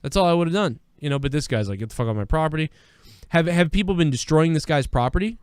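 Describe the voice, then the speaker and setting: A man's voice: on the high side, lively intonation, fast, a little mellow, smooth, dry recording, clean studio sound. A man hosting a live news-reaction stream, talking in a rambling, profane, conversational way. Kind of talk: casual live-stream commentary.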